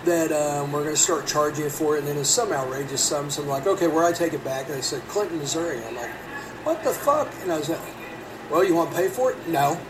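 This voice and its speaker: A man's voice: fairly high pitch, fast. Profane rambling man telling a story. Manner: rambling, profane, animated when quoting. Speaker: podcast host. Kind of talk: casual storytelling. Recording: distant mic with background noise.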